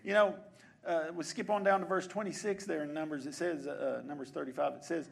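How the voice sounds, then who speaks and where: A man's voice: on the high side, fairly even intonation, a little fast, vocal fry. A male preacher giving a sermon in a church, repeating phrases and asking rhetorical questions. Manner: repetitive, soft then building, rhetorical questions.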